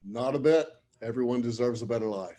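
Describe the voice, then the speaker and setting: A man's voice: mid-range voice, a little fast, warm tone. A man hosting a business round table, giving brief agreeing replies. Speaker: host.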